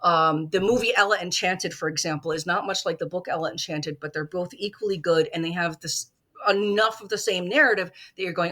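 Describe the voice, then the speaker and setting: A woman making her case as prosecutor in a mock film trial, talking animatedly in quick bursts with restarts. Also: on the low side, sharp tone. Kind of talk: casual podcast debate.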